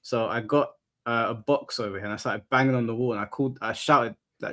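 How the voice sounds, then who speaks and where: A man's voice: medium pitch, fairly even intonation, fast talker, pushed and bright. Rambling man telling a story. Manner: rambling storyteller, swears, repeats words. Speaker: streamer host. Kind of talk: casual chat reading super chats.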